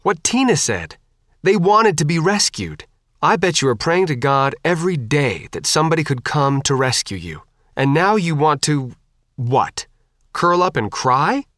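A man's voice: mid-range voice, animated, normal speed, a bit bright, no room sound, clean studio sound, close to an everyday voice. A man reading an audiobook, voicing an angry, scornful teenage girl who fights zombies. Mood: furious.

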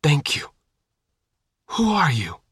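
A man voicing a starving, bedridden male survivor in an audiobook, croaking and weak. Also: a little high, huge pitch swings, takes it slowly, a bit bright, dry recording, studio quality, pitched above the performer's own voice, exaggerated voice. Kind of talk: audiobook character voice.

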